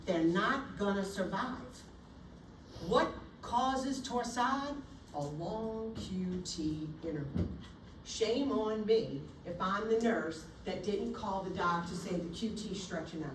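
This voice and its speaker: Woman, nursing instructor, animated and theatrical, roomy classroom recording, distant mic. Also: medium pitch, a little hiss or hum. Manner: animated, theatrical, acts out scenarios. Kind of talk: classroom lecture. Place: lecture room. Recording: echoey room, recorded from afar.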